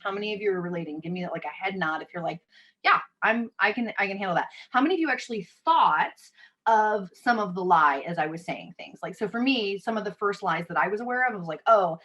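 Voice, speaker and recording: A woman's voice: mid-range voice, lively intonation, quick pace, fairly bright tone. A woman in her thirties leading an online workshop over a video call, talking casually and reading out the audience's chat messages. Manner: conversational, reads audience chat aloud. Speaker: workshop facilitator. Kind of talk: live online workshop talk.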